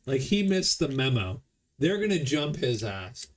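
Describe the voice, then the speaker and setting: A man's voice: medium pitch, big pitch swings, measured pace. A man casually commenting as he plays a board game solo, explaining the rules as he goes. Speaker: board game player streaming a solo playthrough.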